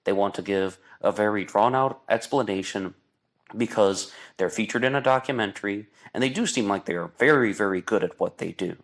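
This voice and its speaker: A man's voice: lowish voice, brisk. A man hosting an online radio show, chatting casually about an old murder case, talkative and prone to exasperated asides. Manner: talkative, exasperated asides, mocks with put-on voices. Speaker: podcast host. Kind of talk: casual true-crime commentary.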